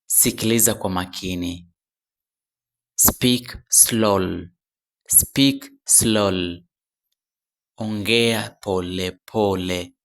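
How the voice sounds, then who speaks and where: Very slow, low-voiced male language teacher. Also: fairly even intonation, fairly bright tone. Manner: repeats each phrase slowly, then gives the translation; corrects himself mid-phrase. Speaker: English teacher. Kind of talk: beginner language drill.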